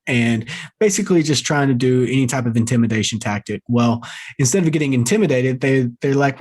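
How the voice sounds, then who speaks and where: Guy on a movie podcast, mid pitch, joking around and cursing while he recaps. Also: fairly quick. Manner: laughing, mocking, profane asides. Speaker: podcast co-host. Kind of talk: casual movie-review chat.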